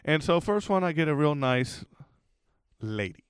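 Lively, foul-mouthed man telling a story. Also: on the high side, unhurried, clean tone, no echo, studio quality. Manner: animated storytelling, heavy swearing. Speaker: podcast co-host. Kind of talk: casual chat.

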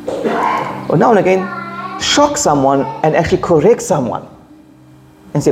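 High gravelly-voiced male preacher. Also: very animated, normal speed, pauses often, faint music behind. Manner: emphatic, repetitive, joking asides. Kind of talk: sermon.

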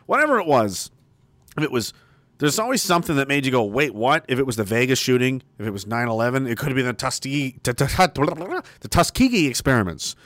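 A man ranting profanely on a casual livestream, reading out viewer comments and swinging from loud emphasis to mutters. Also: a little high, dry recording. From Canada.

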